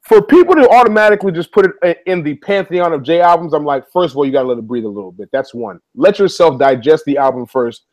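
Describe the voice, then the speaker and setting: A man in his thirties co-hosting a casual talk show, giving earnest, emphatic opinions at a measured pace. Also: a little high, lively intonation, darkish tone, rough recording. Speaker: podcast co-host. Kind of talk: casual chat.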